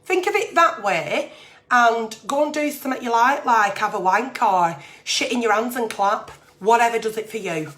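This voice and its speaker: A woman's voice: a little high, lively intonation, moderate pace, a bit bright. A woman, hosting an agony-aunt livestream and giving blunt, sweary, plain-spoken advice. She talks in a chatty way, reading out letters and then answering them.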